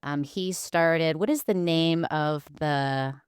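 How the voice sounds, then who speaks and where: A woman's voice: low voice, slow, smooth, no echo, clean studio sound. A woman hosting a podcast interview, speaking with enthusiasm and laughing often. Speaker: podcast host. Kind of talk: casual interview chat.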